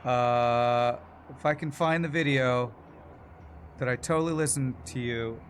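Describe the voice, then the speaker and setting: A man's voice: mid-range voice, unhurried, slight background noise. A man streaming a video game, chatting casually and rambling between the plays and chat messages. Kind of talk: casual gameplay commentary.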